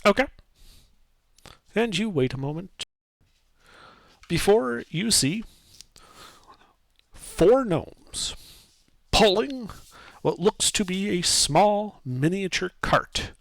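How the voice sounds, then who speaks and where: A man narrating a tabletop game as game master, describing scenes in a lively, casual way with fillers. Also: sits high, slow, creaky, long pauses, no echo.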